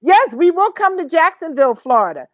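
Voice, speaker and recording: Chatty high-voiced woman co-host. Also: fairly quick. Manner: lively, chatty, talks over others. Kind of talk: casual chat show talk.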